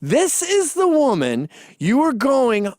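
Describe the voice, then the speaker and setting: Animated, mocking male storyteller. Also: very high-pitched, slow pace, no room sound, studio quality. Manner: animated, mocking, mimics chants. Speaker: commentator. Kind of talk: profane storytelling monologue.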